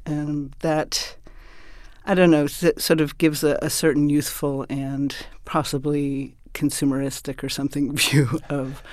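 A man's voice: fairly high pitch, darkish tone, dry recording, clean studio sound. A man answering interview questions thoughtfully, explaining with frequent restarts and asides. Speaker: linguist guest.

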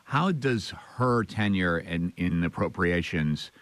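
Very deep-voiced male radio host. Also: expressive, fairly bright tone. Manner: brisk interviewer questions. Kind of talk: radio news interview.

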